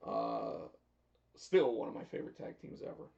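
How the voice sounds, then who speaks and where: A man hosting a casual live chat show in a relaxed way, reading out viewer comments. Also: fairly low pitch, moderate pace, gravelly, lo-fi sound. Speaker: host.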